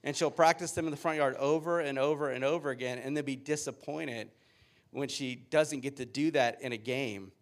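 A man's voice: medium pitch, normal speed. A man in his thirties, a pastor giving a sermon with upbeat, joking storytelling.

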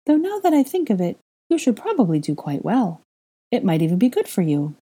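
A woman puts on a young witch with a light, airy voice and no tact, a faint huskiness under it. She sounds unbothered and speaks as if chatting about the weather, in a mellow tone. It is a storybook fan-fiction reading. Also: mid-range voice, huge pitch swings, brisk, breathy edge, pitched above the performer's own voice.

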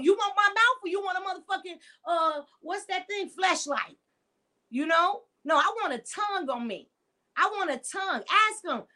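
Middle-aged woman, podcast host, blunt and profane, with a high, bright voice. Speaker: podcast host and sex educator. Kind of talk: unscripted monologue podcast.

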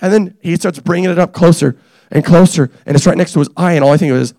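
A young man preaching a casual, energetic sermon, joking and teasing the congregation as he tells stories about his family. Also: a little high, fast talker, no echo, clean studio sound. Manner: animated, joking, self-deprecating. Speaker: pastor.

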